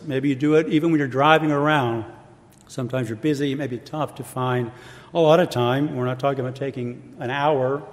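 A man delivering a sermon at a middle pitch, measured and reflective, turning now and then to casual asides. His voice carries a long reverb, as if heard in a church hall. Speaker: preacher.

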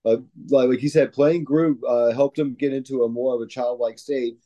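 A man with a mellow, middle-pitched voice talks casually and at length, piling up fillers like "uh" and "like." He sounds like an eager fan sharing stories. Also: fairly even intonation, moderate pace, highs cut off. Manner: rambling, filler-heavy, enthusiastic fan talk. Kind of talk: casual chat.

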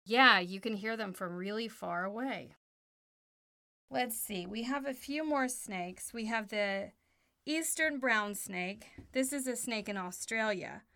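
A woman's voice: fairly high pitch, measured pace, sharp tone. A woman co-hosting a home podcast with her child, chatting casually and asking simple questions to draw him out. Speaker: podcast co-host and mother. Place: playroom at home.

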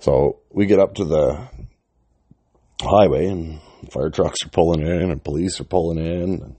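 A man's voice: very deep voice, moderate pace, mellow, slightly rough, dry recording. A middle-aged man casually telling an old story, swearing freely and chuckling as he rambles.

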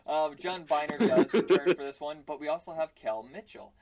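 A man's voice: on the high side, normal speed, crowd noise. A man co-hosting a casual chat podcast, rambling with lots of fillers and poking fun at himself. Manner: rambling, self-deprecating, many fillers. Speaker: podcast co-host.

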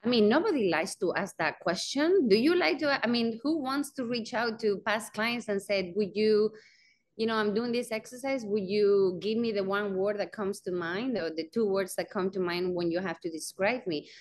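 A woman telling a story in a relaxed interview, animated and expressive. She acts out the other voices as she goes. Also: mid-range voice, normal speed. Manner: animated, acts out quoted dialogue. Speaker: guest, real estate company founder.

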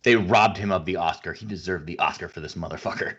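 Blunt, profane man with a low voice. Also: fast talker, fairly bright tone, highs cut off. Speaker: podcast co-host. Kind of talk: casual movie podcast chat.

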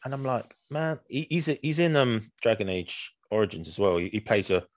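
A man's voice: fairly low pitch, lively intonation, moderate pace, no room sound. A man co-hosting a podcast, chatting casually and rambling with many restarts. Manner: rambling, restarts often, says "man" a lot. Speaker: podcast co-host. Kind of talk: casual chat.

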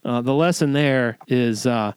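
A man co-hosting a podcast, telling stories in an animated way and laughing often. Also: mid-range voice, unhurried, smooth, dry recording. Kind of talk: storytelling podcast chat.

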